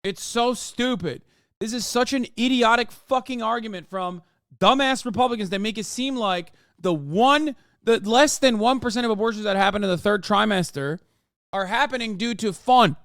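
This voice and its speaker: This is heated live-stream commentary: a thirtysomething man reacts to a political interview, swearing and squabbling with his chat. His voice sits high, a bit bright and clean, at a moderate pace. Clean studio sound, no echo.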